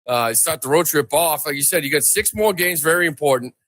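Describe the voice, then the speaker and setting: Fast-talking man talking baseball. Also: fairly high pitch, fairly bright tone. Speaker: podcast guest, former player. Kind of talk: casual sports analysis.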